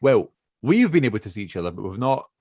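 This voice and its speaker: A man's voice: lowish voice, big pitch swings, fast, dark tone, dry recording. Young male podcast host, dry close sound, rambly and chatty on a video call. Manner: chatty, rambling, self-correcting. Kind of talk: casual chat.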